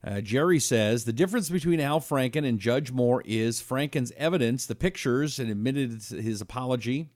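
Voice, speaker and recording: A man hosting a live talk show, reading an ad and viewer comments in an animated, emphatic way. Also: mid-range voice, moderate pace, few pauses, dry recording, clean studio sound.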